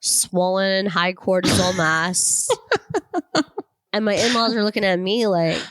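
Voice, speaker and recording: Woman, podcast co-host, casual chat, frequent laughter, smooth voice, dry sound. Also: medium pitch, fairly even intonation, moderate pace, a bit bright, no room sound. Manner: laughs often, plays up frustrations for comic effect.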